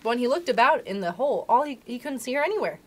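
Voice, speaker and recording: A woman librarian reading a storybook aloud to children. Her voice is a little high and rises and falls in a lively way. She narrates in an expressive, animated manner. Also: fast, slight background noise.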